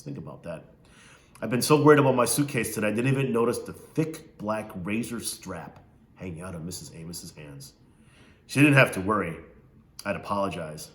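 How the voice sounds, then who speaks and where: A man with a low-pitched voice and a fairly bright tone reads a novel aloud in an echoey room. He narrates steadily, pausing now and then to ask his listeners questions.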